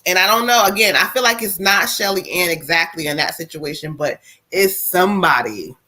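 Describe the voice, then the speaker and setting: A woman medium chatting on a live stream in a lively, slangy way, laughing often. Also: on the low side, normal speed. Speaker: psychic medium. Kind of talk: casual live-stream chat.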